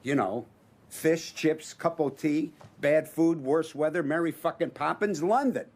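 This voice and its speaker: A man's voice: on the high side, a little slow, a little mellow. An actor playing a brash grown male gangster who sarcastically scorns a city. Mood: scornful.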